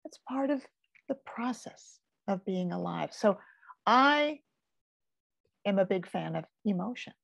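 Older woman, slightly high voice, husky, dry close sound, gentle teaching talk. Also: no echo. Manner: slow and soothing, with soft whispered asides. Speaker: focusing teacher.

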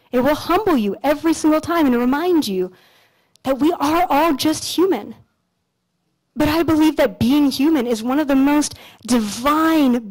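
Animated woman telling stories on stage. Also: high voice, low-quality recording. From Canada. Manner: storytelling, casual and animated, swears freely. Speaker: conference speaker. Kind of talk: motivational stage talk. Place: lecture stage at an expo.

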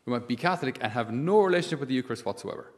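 A man's voice: mid-range voice, animated, very fast, big-room sound. A man, a priest giving a conversational sermon full of asides and rhetorical questions.

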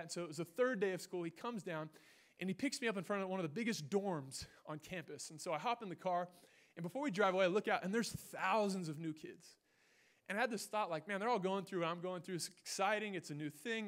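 A young man preaches from a church stage with a bright, high-set voice. He tells his story in big swings, shouting one moment and dropping low and quiet the next. The sound comes through a stage microphone. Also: fast talker. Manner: animated storytelling, swinging from loud to hushed. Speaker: pastor. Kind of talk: sermon with personal story.

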